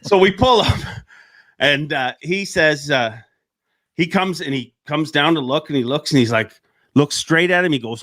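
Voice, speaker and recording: A man chats casually about fishing, his voice sitting fairly high. His tone is bright and forceful, and he rambles through his tales, laughing at his own jokes. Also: moderate pace. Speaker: professional angler telling stories. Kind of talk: casual chat.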